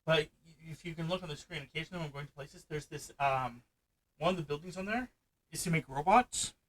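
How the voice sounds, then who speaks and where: A man hosting a casual let's-play chat about a strategy game, hyper, loud and fast-talking. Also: on the high side, low-quality recording. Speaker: gaming channel host. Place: hot room at home.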